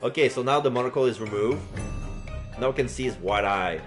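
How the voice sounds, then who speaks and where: Over background music, a man with a medium-pitched voice talks briskly while streaming a game live. His commentary is casual and rambling, full of fillers and restarts.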